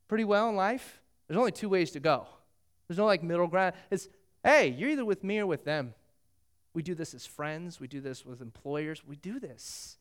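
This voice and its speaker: A middle-aged man preaching a sermon, telling a Bible story with lively acted-out dialogue. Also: high voice, normal speed, smooth. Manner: animated storytelling, acting out biblical dialogue. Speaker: pastor.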